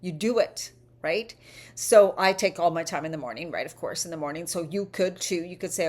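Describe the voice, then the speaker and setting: A woman's voice: lowish voice, fairly quick, darkish tone. A woman in her fifties giving an encouraging, conversational motivational talk as a life coach, often checking in with "right?".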